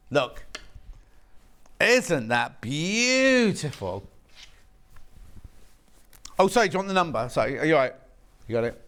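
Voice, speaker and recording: Gushing over fabrics on a live shopping channel, this man has a high, slightly bright voice. He chats away in the TV studio and jokes with the crew off camera.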